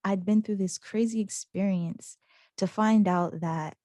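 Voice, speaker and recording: A young woman, a student being interviewed, tells a story in casual chat with a medium-pitched voice at a measured pace, with no echo. She's animated, acting out the voices of people she quotes and laughing as she does.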